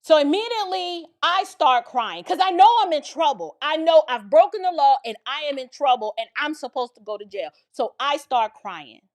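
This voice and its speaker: A woman tells a story from her own life in a relaxed, chatty way. Her voice sits high and swings widely as she builds the drama and keeps turning to her listeners with asides. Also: normal speed, few pauses. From the Bronx, New York. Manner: animated, dramatic retelling with lots of asides to the listener. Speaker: commentator telling a personal story. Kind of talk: casual storytelling.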